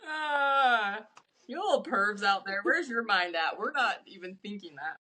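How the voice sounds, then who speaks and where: A woman co-hosting a podcast in casual chat with her sister, talkative and quick to laugh at herself. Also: mid-range voice, lively intonation, pushed and bright. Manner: chatty, laughs often, self-deprecating. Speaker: podcast co-host.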